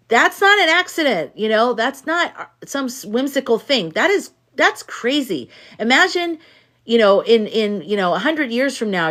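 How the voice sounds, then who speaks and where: A woman's voice: medium pitch, fairly bright tone. A woman hosting a casual livestream from a room at home. She talks to her viewers, reads their chat aloud, rambles and swears freely. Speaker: livestream host. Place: home room with hanging lights.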